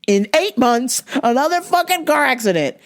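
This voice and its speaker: Animated, profane woman ranting. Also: sits high, normal speed. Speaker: podcast host. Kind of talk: casual storytelling monologue.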